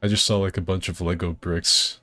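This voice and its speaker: A man's voice: deep voice, little pitch movement, fairly quick, bright, forceful tone, no echo. A man streaming a co-op game with friends, rambling in a laid-back way, swearing freely and laughing often. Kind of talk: casual gaming chat.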